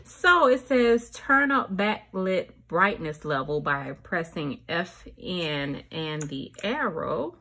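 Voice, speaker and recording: A woman, chatting excitedly to viewers in a casual unboxing vlog, calling them y'all. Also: slow, hardly any pauses, slight background noise. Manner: squeals up high when thrilled. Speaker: vlogger.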